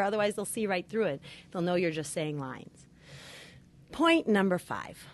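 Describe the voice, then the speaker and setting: A middle-aged woman, a marriage therapist, giving earnest, emphatic advice point by point. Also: mid-range voice. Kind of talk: advice talk with numbered points.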